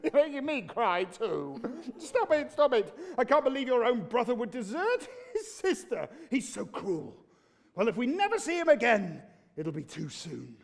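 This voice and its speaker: A man's voice: very high-pitched, wildly swooping pitch, normal speed, vocal fry, exaggerated voice. A man with a British English accent playing a volatile, pompous king who blusters and pleads. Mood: pleading. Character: volatile middle-aged king, pompous and fussing.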